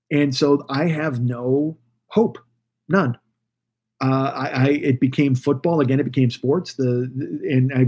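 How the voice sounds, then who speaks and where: A podcast host in his forties, based in Los Angeles, rambles through a profane solo rant full of restarts and asides. His voice is mid-range and mellow, with a breathy edge.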